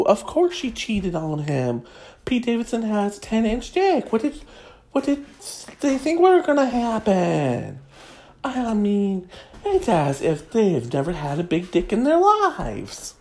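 A woman's voice: medium pitch, a little mellow. A woman host giving a crude comedic monologue, snarky and gossipy.

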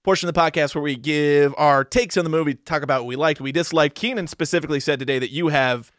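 Fast-talking excitable male podcast host. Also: fairly high pitch, no room sound, studio quality. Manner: fast, excitable, swears casually. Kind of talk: casual chat.

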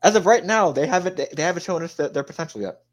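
A man in a casual sports podcast chimes in quickly with short facts and counterpoints. His voice sits a little high and he talks fast. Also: expressive. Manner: brief interjections, cites stats. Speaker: podcast co-host.

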